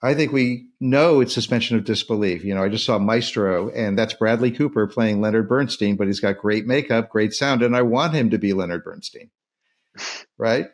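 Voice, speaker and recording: A man's voice: lowish voice, normal speed. A man hosting a casual film discussion podcast, talking with enthusiasm and acting out the quoted lines. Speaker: podcast host.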